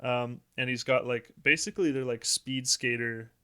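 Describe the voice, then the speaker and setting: A man's voice: mid-range voice, fairly even intonation, moderate pace, sharp tone, smooth. A young man co-hosting a casual chat show, chatty and laughing between stories. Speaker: co-host.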